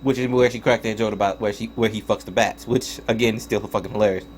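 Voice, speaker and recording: A man's voice: lowish voice, fairly even intonation, fast talker, slight background noise. A young man giving a casual spoken review of a cartoon episode, swearing and ranting in exasperation with frequent restarts. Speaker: TV show reviewer.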